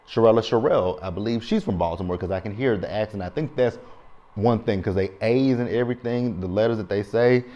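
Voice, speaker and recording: Deep-voiced Southern man, chatty recap. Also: mellow, dull audio. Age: 30s. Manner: chatty, rambling, informal with slang. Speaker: TV show recap vlogger. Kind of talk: casual show review.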